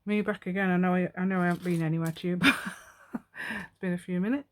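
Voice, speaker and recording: A woman's voice: on the low side, fairly even intonation, fast talker. A woman in her fifties chatting and rambling as she makes a craft piece at home, talking to herself and laughing often. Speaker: craft vlogger.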